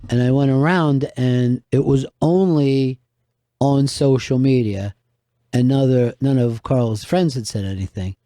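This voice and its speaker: A man's voice: mid-range voice, dark tone, dry recording, studio quality. A man hosting a radio talk show, telling wry, rambling stories in a casual way. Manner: storytelling, wry, drawn-out anecdotes. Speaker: radio host and stand-up comedian.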